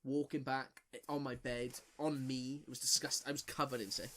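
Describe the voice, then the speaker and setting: A man's voice: medium pitch, level tone, moderate pace, a bit bright, a little hiss or hum. A young man telling a story on a casual podcast. He rambles with plenty of filler words and swears freely as he goes. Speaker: podcast co-host.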